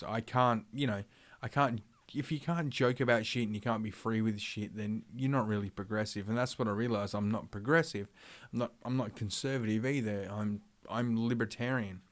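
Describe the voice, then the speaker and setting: A man streaming live, ranting through his opinions in a rambling, profane way, full of fillers and restarts. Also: lowish voice. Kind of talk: livestream commentary rant.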